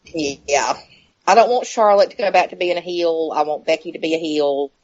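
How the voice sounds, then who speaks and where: A woman's voice: low-pitched, moderate pace, darkish tone. A woman speaking frankly as a podcast panelist, repeating herself in frustration. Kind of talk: casual podcast chat. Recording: dull lo-fi audio.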